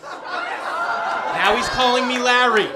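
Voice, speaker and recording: A man telling a stand-up story, animated and acting out both sides of a phone call, recorded live in a comedy club. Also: very high-pitched, slow pace, noisy background. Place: comedy club stage with laughing audience. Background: crowd laughter.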